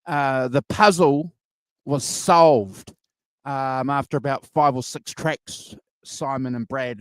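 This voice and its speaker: A man's voice: mid-range voice, no echo. A man co-hosting a casual music review podcast, rambling and enthusiastic with lots of fillers. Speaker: podcast co-host. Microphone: video call.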